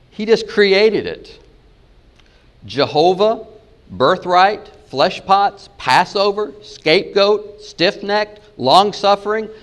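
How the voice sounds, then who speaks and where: Guy teaching bible stuff, reads verses slow and quiet then gets all emphatic. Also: on the high side. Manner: reads verses slowly and softly, rising to emphatic points. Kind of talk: spoken lecture with scripture readings.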